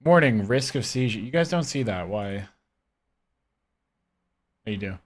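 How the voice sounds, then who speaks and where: A man's voice: lowish voice, lively intonation, a little slow. A man streaming a game live from his own room, rambling casually and chatting with his viewers. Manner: rambling, chatty, talking to chat.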